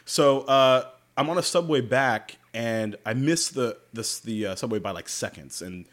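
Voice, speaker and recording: A man's voice: medium pitch, unhurried, a bit bright. A man from Jacksonville, Florida, hosting a podcast and telling travel stories in a casual chat, swearing freely and laughing as he talks. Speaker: podcast host.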